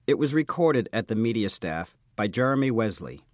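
A man reading the closing credits of a program in a measured announcing voice. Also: on the low side, big pitch swings, no echo, studio quality.

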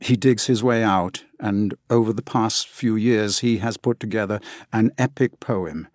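A man's voice: on the low side, a little slow, darkish tone, no echo, studio quality. An English man, an audiobook narrator, answering interview questions in an enthusiastic, chatty way with frequent fillers.

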